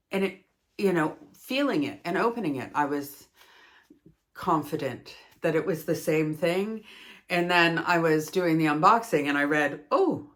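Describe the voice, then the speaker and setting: A woman with a notably low voice talks casually to her viewers. She thinks aloud, doubling back mid-sentence before finishing her point. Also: fairly bright tone. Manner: chatty, thinking aloud with restarts. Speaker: yarn reviewer. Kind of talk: casual vlog chat.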